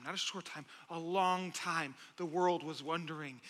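Pastor preaching, man, high voice, passionate, loud to hushed, echoing church hall. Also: fairly even intonation, moderate pace, few pauses. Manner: impassioned, swings from loud to hushed. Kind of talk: sermon.

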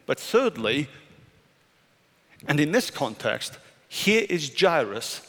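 A man's voice: on the high side, big pitch swings, takes it slowly. Preaching man in a reverberant hall. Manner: swings from loud urgent questions to quiet hushed statements. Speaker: pastor. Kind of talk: sermon. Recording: church hall reverb with soft music.

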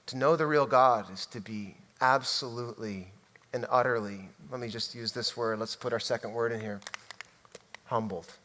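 A man preaching a sermon in a church, emphatic and swinging from loud to hushed. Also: mid-range voice, normal speed, slight background noise. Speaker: pastor. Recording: long reverb hall.

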